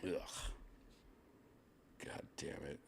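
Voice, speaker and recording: A man's voice: extremely slow, slight background noise. An older man hosting a casual show from his home, rambling and joking crudely. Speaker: host. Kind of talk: casual chat. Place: second-floor home room.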